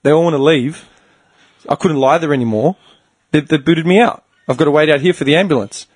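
Man, podcast host, profane storyteller, husky, higher voice. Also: a little fast. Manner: animated, profane ranting storyteller, acts out quotes. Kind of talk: casual storytelling chat.

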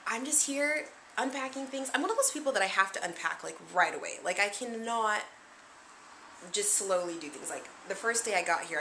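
A woman's voice: medium pitch, pushed and bright, slight background noise. A young woman chatting upbeat to a handheld camera in her apartment. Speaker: vlogger. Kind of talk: casual vlog chat. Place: apartment indoors.

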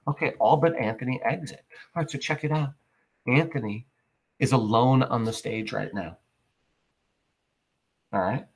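A man's voice: mid-range voice, moderate pace, pauses often, breathy edge, rough recording. A male teacher explaining a play in a chatty way, with asides and rhetorical questions to his students. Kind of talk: classroom literature lesson.

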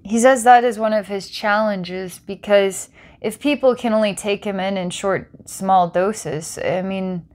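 A woman's voice: mid-range voice, measured pace, a little mellow. Lady psychic doing a reading, rambly, keeps giggling then gets intense. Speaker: psychic reader.

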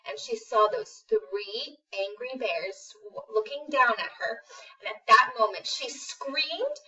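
A woman telling a children's story in a relaxed, unhurried way. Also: fairly high pitch, far from the mic, lo-fi sound. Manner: relaxed, unhurried with some ums. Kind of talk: casual storybook narration.

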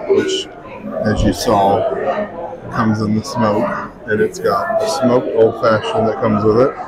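A man's voice: on the low side, steady tone, slow. A man hosting a casual food review vlog, chatty and easygoing, sometimes talking while eating. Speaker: vlog host. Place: busy theme park bar. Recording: noisy crowded bar. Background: loud crowd chatter.

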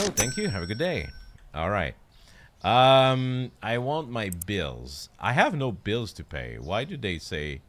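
A man's voice: lowish voice, a bit bright, a little hiss or hum. A young man streaming a shop game, playfully playing a polite cashier who greets and thanks each customer. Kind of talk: casual game commentary.

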